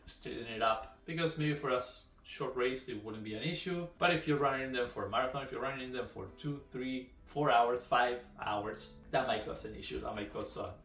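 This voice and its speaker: A man's voice: mid-range voice, moderate pace, hardly any pauses, fairly bright tone. Man reviewing running shoes in an echoey room. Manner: conversational, loose, hesitant with fillers and restarts. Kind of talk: casual product review. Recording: echoey room, mic at a distance, faint music. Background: faint background music.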